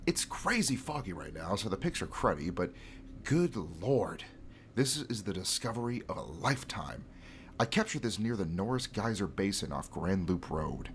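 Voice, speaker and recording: Guy doing a van-camping outdoorsman, fake accent, reading posts out loud, lowish voice that swings a lot. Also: very animated, normal speed, slight background noise. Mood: amazed. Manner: reading forum posts aloud in a put-on accent. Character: male outdoorsman camping alone in his van.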